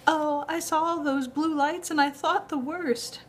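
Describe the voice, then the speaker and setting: A woman's voice: high voice, steady tone, unhurried, a little hiss or hum, pitched above the performer's own voice. A woman voicing an anxious, doting older grandmother who fusses over her grandson. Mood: alarmed. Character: fussy worried grandmother.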